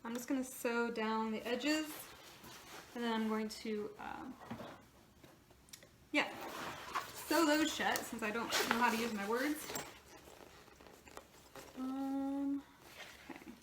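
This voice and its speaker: A woman's voice: on the high side, slow pace, long pauses. A woman sewing vlogger chatting casually while she sews in her home sewing room, rambling and poking fun at herself. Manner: rambling, chatty, self-deprecating. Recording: echoey room with background noise.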